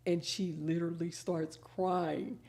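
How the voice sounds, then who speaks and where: A middle-aged woman with a fairly low voice hosts a casual live chat, reading viewer comments aloud and telling animated stories full of drawn-out words.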